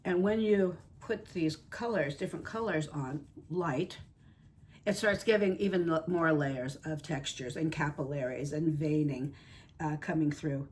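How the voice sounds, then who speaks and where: A woman's voice: deep voice, a little slow, a little mellow. A woman chatting casually while painting reborn dolls at her home craft table, rambling and fond. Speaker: reborn doll artist and channel host.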